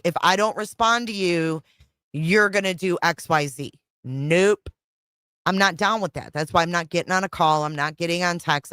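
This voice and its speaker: A woman's voice: on the low side, fairly bright tone, no room sound, clean studio sound. A middle-aged woman hosting a casual livestream chat, frustrated and rambling, repeating herself and swearing. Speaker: livestream host.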